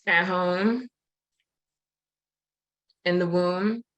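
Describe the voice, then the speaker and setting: A woman presenting over a video call who leads a slow, soothing breathing exercise and reads affirmations aloud. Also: on the low side, steady tone, low-quality recording. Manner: soothing, slow guided meditation cues, warm affirmations. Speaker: summit presenter.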